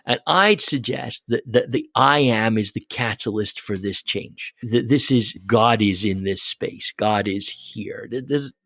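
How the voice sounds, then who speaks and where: A man's voice: lowish voice, unhurried, few pauses, bright, forceful tone, no echo. A man co-hosting a podcast who explains Bible passages in a casual, teacherly way, often restarting his words. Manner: explanatory, repeats words when starting, laughs often. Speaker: podcast co-host.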